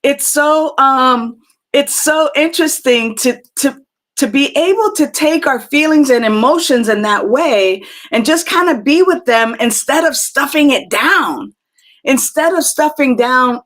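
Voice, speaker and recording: A woman hosting a live spiritual talk show, speaking gently and reflectively with many fillers and restarts as she answers chat comments. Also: high voice, expressive, a little slow.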